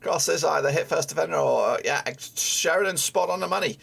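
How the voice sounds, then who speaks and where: Gravelly football fan guy doing a live watchalong, cussing and fed up with his team. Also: on the high side, fairly quick, fairly bright tone. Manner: frustrated, swears often, talks at the players. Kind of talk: live match watchalong commentary.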